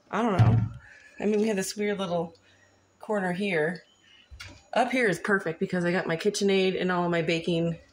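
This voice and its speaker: Chatty woman with a gravelly low voice. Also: a little hiss or hum. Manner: chatty, rambling, says um and thingamajiggers. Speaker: home vlogger. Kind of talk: casual home vlog. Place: home kitchen. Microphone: phone camera.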